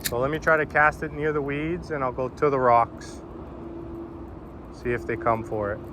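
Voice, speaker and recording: A man's voice: medium pitch, little pitch movement, normal speed, background noise. A man talking casually to his viewers while fishing outdoors on a river bank. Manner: chatty and informal, addressing viewers as "boys". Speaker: fishing vlogger. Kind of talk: casual vlog commentary.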